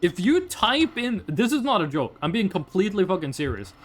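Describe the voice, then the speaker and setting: A man's voice: sits high, very animated, fairly quick. A man in his twenties chatting casually and profanely with his chat while streaming a game. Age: 20s. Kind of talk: casual live game commentary.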